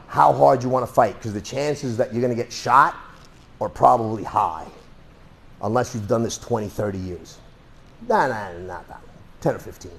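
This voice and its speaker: A man's voice: medium pitch, creaky, a little mellow. A man teaching self-defense through a hands-on demonstration, talking bluntly and cursing freely. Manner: blunt, profane, streetwise.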